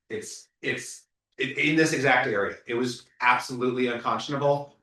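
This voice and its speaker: A man leads a community meeting, speaking bluntly and emphatically as he moves the group between topics. His voice sits at a middle pitch. It is picked up from across an echoey meeting room. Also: pushed and bright, recorded from a distance. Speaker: meeting organizer.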